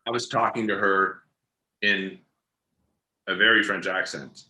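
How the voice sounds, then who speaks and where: A man, an actor and interview guest, chatting casually and telling animated stories, laughing often and repeating words as he goes. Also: deep voice, a little slow. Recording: roomy echoey room sound.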